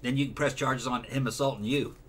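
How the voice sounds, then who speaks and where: Brief: raspy man, podcast host, emphatic and opinionated, curses a lot. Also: medium pitch, steady tone, brisk, a bit bright. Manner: emphatic, opinionated, swears often. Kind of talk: casual chat.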